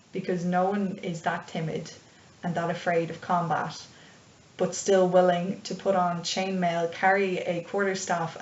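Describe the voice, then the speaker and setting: A young woman who runs tabletop games, chatting loosely about her campaign with lots of fillers. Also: lowish voice. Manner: chatty and rambling, with many fillers. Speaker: dungeon master. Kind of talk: casual advice vlog. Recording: echoey room, distant dull mic.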